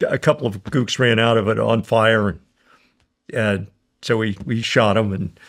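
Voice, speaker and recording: Older american guy with a gravelly voice, rambling through war stories, keeps chuckling and doing the other guys' voices. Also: on the low side, fairly even intonation, a little slow. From United States. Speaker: guest, war veteran. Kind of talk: casual storytelling.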